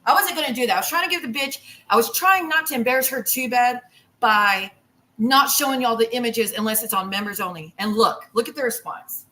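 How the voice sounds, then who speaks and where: A woman's voice: a little high, a little fast, pushed and bright, poor audio. A woman on a livestream, ranting in a heated, profane and rambling way while cooking in her kitchen. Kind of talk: angry livestream rant.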